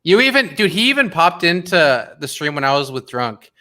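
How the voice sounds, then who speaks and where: A young man chats on his livestream in a bright, forward voice. He rambles with animated energy, stacking fillers and restarting his thoughts as he talks to his viewers. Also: a little high, normal speed. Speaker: streamer hosting a watch party. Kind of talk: casual livestream chat.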